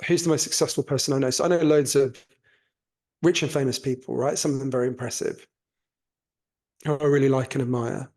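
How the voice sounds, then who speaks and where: A man's voice: mid-range voice, fairly quick, long pauses. A man with a posh English accent, a guest author talking animatedly in a casual podcast interview, swearing freely, a little under the weather, speaking over a remote call. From North London, England. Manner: animated, swears casually, self-correcting restarts.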